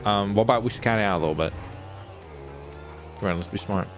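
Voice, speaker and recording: A man's voice: on the low side, brisk, music in the background. A young man streaming a police role-play game, joking with a friend and barking commands at suspects. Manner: loud, bossy commands in character, joking asides. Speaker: streamer playing a police officer.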